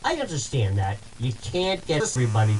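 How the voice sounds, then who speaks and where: A man hosting a talk show, telling a story casually in a rambling, animated way and repeating himself. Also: mid-range voice, brisk, a little hiss or hum, low-quality recording. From Massachusetts. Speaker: host.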